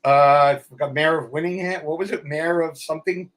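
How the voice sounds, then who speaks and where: Casting note: middle-aged New man, slightly high voice, blunt animated raconteur. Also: a little fast. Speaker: actor guest. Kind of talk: casual interview chat.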